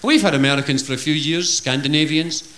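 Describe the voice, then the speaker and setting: A man with a Scottish accent from the East Coast, telling jokes on stage and slipping into high-pitched character voices. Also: a little fast, pushed and bright, echoey room. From Scotland, East Coast. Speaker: stand-up comedian. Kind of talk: stand-up storytelling with character voices.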